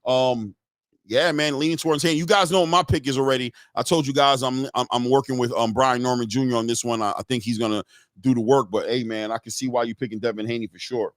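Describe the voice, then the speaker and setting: A man's voice: mid-range voice, steady tone, quick pace, dry recording, clean studio sound. A man hosting a live boxing stream, giving casual, slangy fight commentary and talking straight to his viewers.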